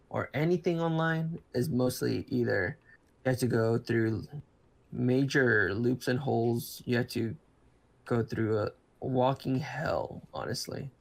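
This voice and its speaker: A man with a gravelly, creaky voice at an ordinary pitch, talking in a loose, rambling way. He starts over often and trails through fillers. This is casual chat between friends. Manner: rambling, many restarts and fillers. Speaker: podcast co-host.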